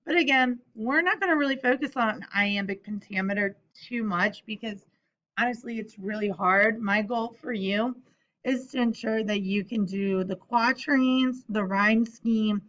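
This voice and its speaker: A woman's voice: fairly high pitch, a little slow, a bit bright, dull audio. A young adult woman teacher explaining a lesson to her students in a friendly, casual way with chatty asides.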